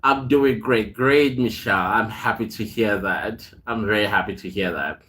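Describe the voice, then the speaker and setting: A man's voice: on the low side, normal speed, pushed and bright. A man hosting a casual live stream, greeting viewers by name, reading their comments aloud and telling chatty stories with frequent laughs. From South Africa. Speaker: host.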